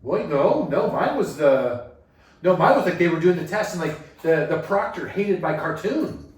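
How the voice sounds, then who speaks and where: A man chatting casually as a guest, telling stories in an animated way, full of "like" fillers. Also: fairly high pitch, normal speed. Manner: animated storyteller, acts out quotes, many "like" fillers. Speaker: cartoon creator guest. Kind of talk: casual chat. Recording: echoey room, mic far off.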